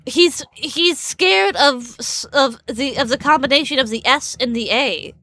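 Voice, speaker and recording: A woman's voice: high voice, measured pace, bright, forceful tone, no echo. A woman streamer chatting casually, rambling and stammering with frequent laughs. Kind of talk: casual live-stream chat.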